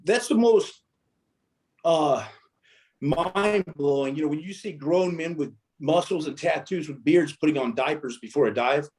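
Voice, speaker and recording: Ex-SEAL guest, male, slightly high voice, animated, acts out quoted lines. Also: a little slow. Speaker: interview guest, former Navy SEAL. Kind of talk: casual storytelling interview.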